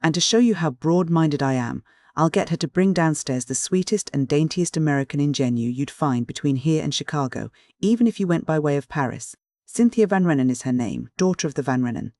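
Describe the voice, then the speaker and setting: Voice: medium pitch, lively intonation, darkish tone, dry recording, studio quality, lightly acted. An audiobook narrator voicing a chattering, theatrical middle-aged countess who gushes with gossip. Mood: gushing. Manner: gushing, rapid, theatrical.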